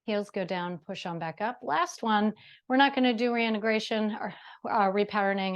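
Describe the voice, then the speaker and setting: A woman's voice: mid-range voice, moderate pace. A woman leading a movement exercise class, chatty and encouraging, a little out of breath. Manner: chatty and encouraging, with self-deprecating asides. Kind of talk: guided exercise class instruction.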